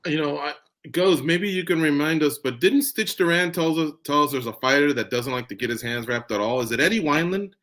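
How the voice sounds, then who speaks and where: A man's voice: fairly high pitch, expressive, fairly quick, fairly bright tone. A man hosting a casual video-call interview, friendly and chatty, with a joking tone. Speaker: interview host.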